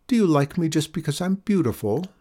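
A man reading a storybook aloud, voicing a shy, tearful female moose in a soft, raised voice. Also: on the high side, very animated, brisk, voice pushed up. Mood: tender.

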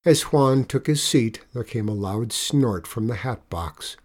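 Man narrating a storybook, gentle and measured, medium pitch. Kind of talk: storybook reading.

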